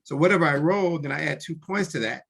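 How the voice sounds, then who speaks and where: A man's voice: a little high, quick pace, creaky, fairly bright tone, husky. A man in casual chat explaining tabletop game rules, often restarting sentences and briefly acting out character lines. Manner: talks in restarts, acts out short character lines. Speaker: podcast co-host explaining tabletop games.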